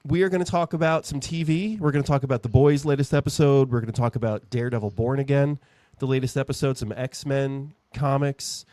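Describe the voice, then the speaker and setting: A man's voice: medium pitch, steady tone, brisk, mellow, dry recording, studio quality. A man hosting a podcast, chatting in a rambling, jokey way. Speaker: podcast host. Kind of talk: casual podcast chat.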